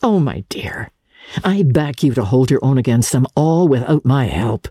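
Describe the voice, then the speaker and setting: A reader voicing a guarded young gentleman in an audiobook, giving hushed, halting, half-whispered replies. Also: mid-range voice, sing-song, husky, no echo, studio quality. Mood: hesitant. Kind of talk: audiobook character voice.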